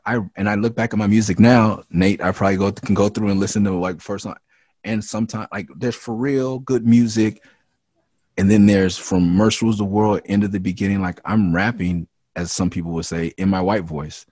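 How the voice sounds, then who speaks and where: A man who raps, from the Los Angeles area, talking frankly and with a lot of swearing in a casual interview, and getting louder when he is heated. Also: deep voice, fairly even intonation, moderate pace, no room sound, studio quality. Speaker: rapper and interview guest. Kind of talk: candid casual interview talk.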